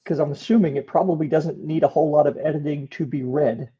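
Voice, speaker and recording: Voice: mid-range voice, fairly even intonation, fast talker, slightly rough, dull audio. A podcast host asking pointed, teasing questions in a casual interview.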